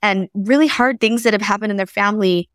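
A woman in her thirties hosting a casual chat, animated and full of fillers. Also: mid-range voice, a little fast, no echo, studio quality. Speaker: host.

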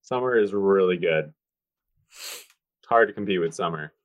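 A man with a very low voice, chatting casually and rambling with frequent ums and swearing. The sound is close and dry. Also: measured pace, dry recording. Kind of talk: casual chat.

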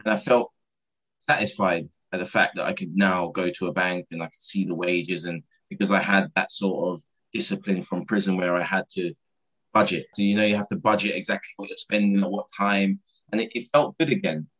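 A man's voice: sits low, steady tone, fairly quick, a bit bright, breathy edge, poor audio. A man, telling his own life story candidly and acting out the dialogue he quotes. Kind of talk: personal storytelling talk.

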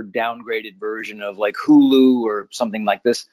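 A middle-aged man, an actor, telling stories in a casual interview with an animated, laughing manner. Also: fairly low pitch, moderate pace, no echo. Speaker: actor guest.

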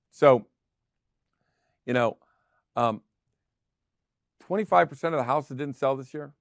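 In this casual talk show monologue, a middle-aged real estate host drives home his points by repeating them emphatically. He speaks at a medium pitch with a creaky edge, recorded at studio quality without echo.

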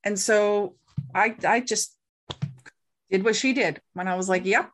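A woman's voice: mid-range voice, a little slow, pauses often. A middle-aged woman, a guest in an interview, telling a story in a casual way and acting out the voices she quotes. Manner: animated, acts out quoted voices.

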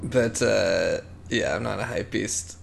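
A man's voice: fairly low pitch, slow, vocal fry, a little hiss or hum. A man in his thirties co-hosting a podcast, rambling in casual chat with dry joking asides. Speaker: podcast co-host.

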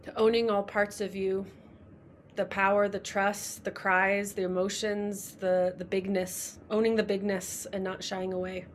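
A woman's voice: mid-range voice, flat delivery, unhurried, slight background noise. A woman guest in a casual interview, effusive and emotional as she talks. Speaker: podcast guest, coach.

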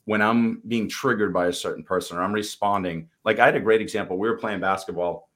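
A Boston-accented man tells earnest stories as co-host of a motivational podcast, chatting casually and swearing now and again. He speaks at a quick pace in a fairly bright voice on the low side.

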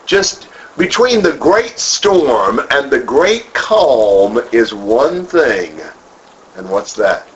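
Leading a group Bible study, a man poses questions, then repeats and builds on the answers. He speaks very slowly in a mid-range voice with wide pitch swings, captured in a dull lo-fi room recording with faint noise.

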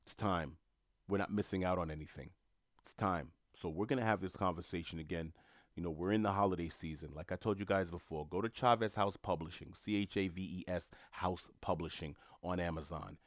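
A man's voice: low voice, no echo, clean studio sound. A man delivering a motivational monologue, emphatic and repetitive, in a coaching tone. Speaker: motivational speaker.

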